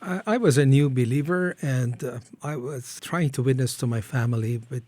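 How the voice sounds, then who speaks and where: Middle-aged Iranian-born guest, earnest halting testimony, mid-pitched voice, dry close studio sound. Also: male voice, a little mellow, no room sound. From Iran. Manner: halting, earnest, acts out his own prayers with rising pitch. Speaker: ministry founder, guest. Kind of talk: personal testimony in an interview.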